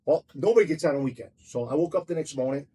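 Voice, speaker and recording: A man telling a story in a casual interview, profane and excitable, repeating himself as he goes. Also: fairly high pitch, quick pace, slight background noise. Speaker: restaurant owner telling his story.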